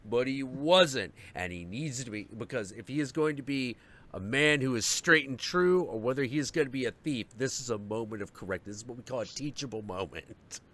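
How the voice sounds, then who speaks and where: A man's voice: medium pitch, brisk. A man hosting a live stream, telling a story in a casual, profane rant and acting out the people in it. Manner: animated, profane, acts out voices in his story. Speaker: stream host.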